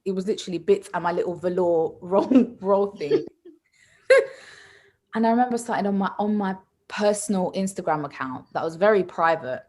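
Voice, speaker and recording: A woman, a podcast guest who tells animated stories in casual chat and laughs often. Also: on the low side, normal speed.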